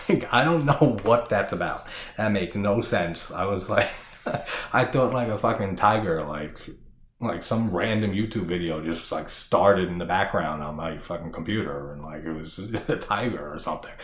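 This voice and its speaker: A man's voice: low voice, normal speed. A man hosting a horror review channel, recapping a film in a rambling, laughing way with lots of swearing and filler words. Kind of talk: casual spoken film recap. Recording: echoey room with faint background noise.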